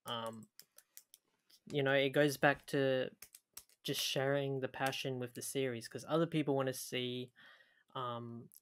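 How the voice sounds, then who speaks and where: A man from Australia, chatting as a podcast guest at a mid pitch. His voice is bright and forward, and he rambles, restarting his sentences often. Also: steady tone, unhurried, pauses often, clean tone. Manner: laughing, rambling, stumbles over words. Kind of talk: casual podcast interview.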